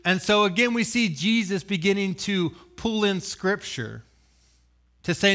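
A man preaching a sermon, telling the story with animated acted-out voices, loud sudden bursts and dry joking asides. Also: high voice, a little slow. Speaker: pastor.

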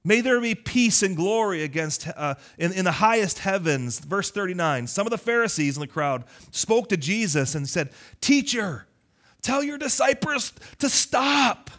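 A male pastor preaching a lively, conversational sermon, teasing his congregation. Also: high voice, moderate pace.

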